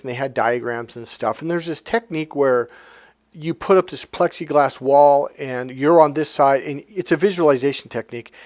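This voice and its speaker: A man's voice: on the high side, a little mellow, dry recording, clean studio sound. A man, a life coach, telling a personal story in a rambling, blunt, casual way, swearing now and then.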